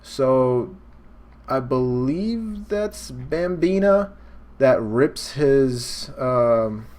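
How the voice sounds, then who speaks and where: A young man hosting a casual reaction video, retelling a comic excitedly with swearing and sound effects. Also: mid-range voice, very slow. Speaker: host. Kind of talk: casual manga reaction commentary.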